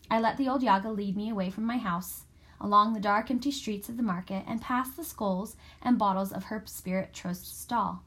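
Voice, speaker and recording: A woman reading a first-person story aloud in a steady, expressive way. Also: mid-range voice, moderate pace, breathy edge. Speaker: audiobook narrator. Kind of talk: scripted first-person narration.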